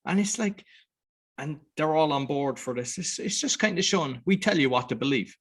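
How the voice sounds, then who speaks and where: A man's voice: fairly high pitch, animated, moderate pace, slightly rough. A man with an Irish accent hosting a podcast, talking in a loose, rambling way and acting out other people's words as he goes. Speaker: podcast host. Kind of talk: casual conversation.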